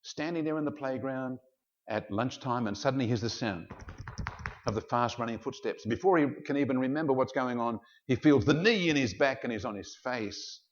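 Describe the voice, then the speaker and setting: A man preaching a teaching sermon as a pastor, telling a story in an animated way. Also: medium pitch, moderate pace. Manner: animated storyteller, shifts into character voices. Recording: dull lo-fi sound.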